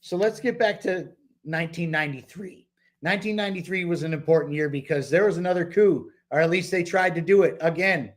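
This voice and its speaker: Rambling man, higher voice, lots of fillers. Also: fairly quick. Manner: rambling, with many fillers and restarts. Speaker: book club co-host. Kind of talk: casual podcast discussion.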